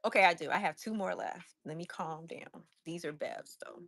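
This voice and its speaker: A woman running a casual live stream where she sells handmade crafts. She is loud and excitable and chats with viewers in the chat. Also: on the low side, normal speed, no room sound. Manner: loud, by her own word.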